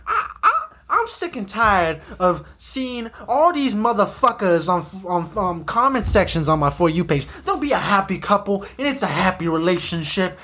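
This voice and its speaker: Young man, podcast host, agitated profane rant, swooping lively pitch, repeats himself. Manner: profane, agitated, repetitive ranting with many "you know"s. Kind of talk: solo ranting podcast episode.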